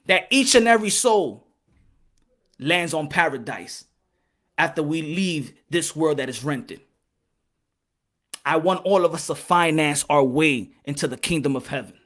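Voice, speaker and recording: A man hosting a boxing channel, delivering impassioned, preachy commentary and switching between English and Spanish, rising to shouts when worked up. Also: on the high side, expressive, a little slow, pauses often.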